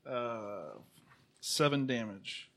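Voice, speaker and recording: A man's voice: mid-range voice, extremely slow, fairly bright tone. A man playing a tabletop game, playful and joking as he describes his attacks. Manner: playful, jokey. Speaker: player. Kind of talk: casual tabletop game play.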